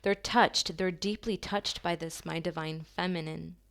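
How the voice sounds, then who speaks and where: A woman giving a channeled tarot reading to her viewers, talking softly and slowly in an affirming way, with long pauses. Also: lowish voice, steady tone, creaky. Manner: soft, slow and affirming, with drawn-out pauses.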